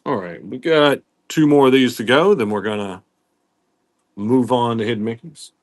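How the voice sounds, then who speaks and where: A man's voice: mid-range voice, normal speed, no room sound, clean studio sound. Chatty man hosting a live sale. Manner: chatty, rambling, greets viewers by name. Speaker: live-stream pin seller. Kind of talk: casual live-stream selling chat.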